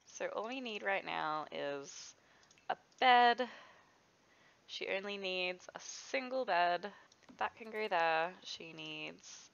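A woman's voice: on the low side, expressive, slow, vocal fry, a bit bright, smooth, lo-fi sound. A young woman chatting casually through a life-sim game, giggling and talking to her characters as she plays. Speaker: gaming video host. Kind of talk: casual let's-play commentary.

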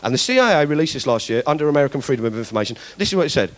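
A man's voice: medium pitch, very animated, racing, hardly any pauses. A man doing stand-up political comedy, ranting in mock indignation with plenty of swearing. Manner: acts out other people's voices.

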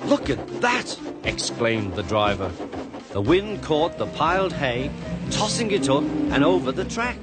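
Lively British man reading a children's story. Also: fairly high pitch, unhurried, loud music behind the voice.

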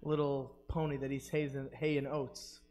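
A man's voice: mid-range voice, little pitch movement, moderate pace, a little mellow, a little hiss or hum. A man speaking as a convention panelist and game master, telling anecdotes with hesitant fillers. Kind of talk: casual panel discussion. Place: large convention hall.

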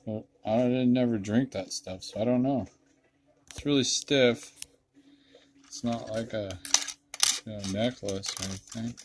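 A man's voice: mid-range voice, measured pace, long pauses, a little hiss or hum. A man vlogging outdoors while metal detecting, talking casually and bursting into awed exclamations over his finds. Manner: excitable, breaks into awed exclamations. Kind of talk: casual vlog narration.

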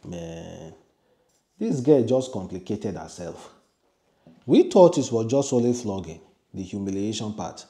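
Emphatic Nigerian man, dark lively voice. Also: on the low side, unhurried, long pauses. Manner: emphatic, repeats "no, no, no". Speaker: commentator. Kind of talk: opinionated video commentary.

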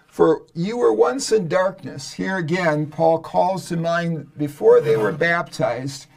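A man, a seminary professor, explaining a Bible passage verse by verse in a podcast lecture, slow and halting with many fillers. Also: on the high side, creaky, darkish tone.

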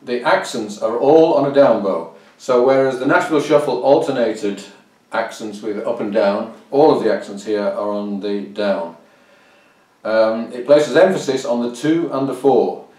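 A man's voice: mid-range voice, normal speed, a little mellow. A man explaining and demonstrating fiddle bowing as a teacher, counting beats aloud and humming rhythms. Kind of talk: instructional explanation. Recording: roomy, distant mic, fiddle playing.

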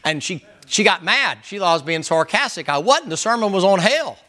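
High, bright-voiced preacher man. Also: sing-song, a little fast. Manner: loud, emphatic, hollering at times. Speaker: pastor. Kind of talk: sermon.

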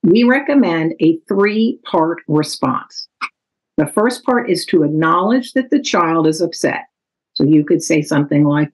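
Calm, measured woman teaching. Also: sits low, husky, poor audio. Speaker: author presenting her parenting book. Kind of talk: recorded talk explaining parenting strategies.

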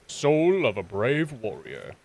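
A man's voice: mid-range voice, wildly swooping pitch, slow, gravelly, background noise. A man streaming a video game, joking and swearing through casual commentary in a put-on British accent. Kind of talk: live gameplay commentary.

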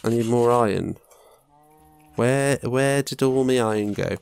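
A man's voice: mid-range voice, unhurried, creaky, a little mellow, smooth. A young man muttering to himself and swearing casually while commenting on his own gameplay. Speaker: gaming YouTuber. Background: faint game music.

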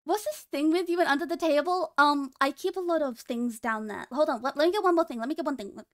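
A woman chats on a live stream in a high voice. She teases and jokes and laughs often, playful throughout. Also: fast talker. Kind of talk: casual live-stream chat.

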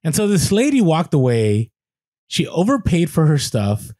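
Man telling a lively story, dry sound. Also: fairly high pitch, moderate pace, no echo. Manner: animated anecdote telling with quoted voices and restarts. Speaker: podcast co-host. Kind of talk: casual podcast storytelling.

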